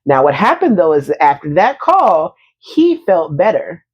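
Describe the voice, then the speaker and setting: In a husky, fairly low voice with big pitch swings, a married housewife and mother co-hosts a podcast, chatting unhurriedly with a friend. She animatedly acts out both sides of a conversation with her husband, and the audio sounds dull.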